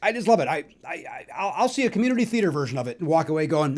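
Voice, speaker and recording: A middle-aged man from the Chicago area hosting a solo podcast, telling stories in a chatty, animated way with lots of fillers. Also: on the high side, very fast. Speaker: podcast host. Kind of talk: solo musical nostalgia talk.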